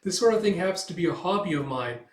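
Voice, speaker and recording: A man reading aloud and voicing a melodramatic, anxious high-society woman in a raised, gushing voice, in an echoey room. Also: animated, fast, slight background noise.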